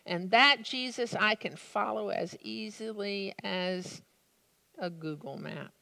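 Woman preacher, earnest and reflective, mid pitch, slow delivery, reverberant room. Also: creaky, pushed and bright. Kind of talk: sermon with story reading. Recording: long reverb of a large room.

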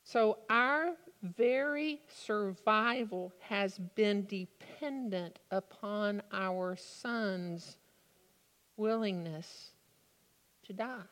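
Woman, preacher, sermon, deliberate, dramatic pauses, long reverb. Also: mid-range voice, fairly bright tone.

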